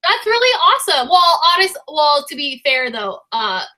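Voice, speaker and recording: A woman's voice: high voice, sing-song, normal speed, pushed and bright. A young woman in college chatting casually with a friend, playful and teasing. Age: young adult. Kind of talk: casual chat.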